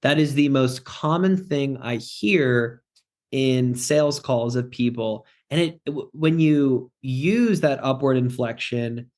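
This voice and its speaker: A man's voice: medium pitch, takes it slowly, a little mellow. Guy on a podcast breaking down sales calls, super direct, jokes around, acts out little phone bits. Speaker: podcast guest, sales closing expert. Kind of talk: casual podcast chat.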